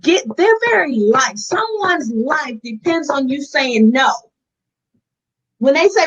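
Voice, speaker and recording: A woman with a high voice speaks frankly and earnestly as an interview guest. She talks straight to her listeners. The recording sounds dull and lo-fi. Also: animated, measured pace, fairly bright tone. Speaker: guest sharing her addiction recovery. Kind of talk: candid interview talk.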